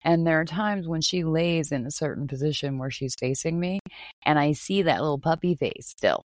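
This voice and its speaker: A woman hosting a casual chat, frank, expressive and playful. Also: deep voice, normal speed, no echo. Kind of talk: casual conversation.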